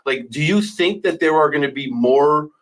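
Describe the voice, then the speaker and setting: A man's voice: a little high, expressive, moderate pace, poor audio. A man hosting a casual debate stream, joking and teasing his guest. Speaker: host.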